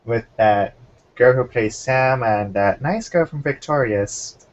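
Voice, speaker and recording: A young man hosting a casual chat, relaxed and talkative, keeping an eye on the time. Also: medium pitch, slow pace. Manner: relaxed, chatty, keeps time. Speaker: podcast host. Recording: muffled lo-fi recording.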